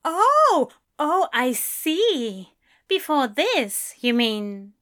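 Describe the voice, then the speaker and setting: A prim, fussy male angel, fond and easily bewildered, as a woman reading a story puts him on. He rises high and loud with drawn-out, exclaiming questions. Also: heavily acted. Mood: baffled. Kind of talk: fan fiction reading.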